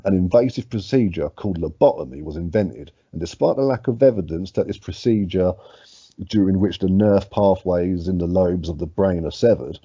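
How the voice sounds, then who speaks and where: A man's voice: low-pitched, moderate pace, mellow, breathy edge, no echo, dull audio. A man co-hosting a casual podcast, sweary and laid-back, reading odd facts aloud. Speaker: podcast co-host.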